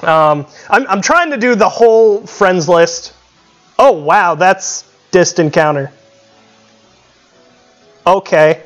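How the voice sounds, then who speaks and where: A man's voice: sits high, takes it slowly, long pauses. A male streamer chatting casually and reacting with swearing and laughter. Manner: laughing, profane, reacting loudly. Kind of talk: casual live-stream chat.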